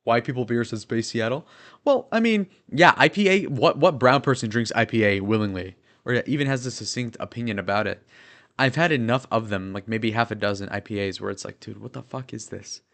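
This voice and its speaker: A man in his twenties chats casually on a livestream, rambling, swearing, and stuffing his talk with fillers. His medium-pitched voice is fairly quick and fairly bright.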